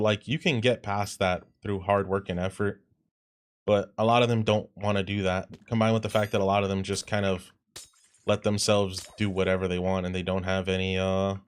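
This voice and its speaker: A man livestreaming while gaming, chatting casually, reading chat aloud and reacting in a rambling, profane way. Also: fairly low pitch.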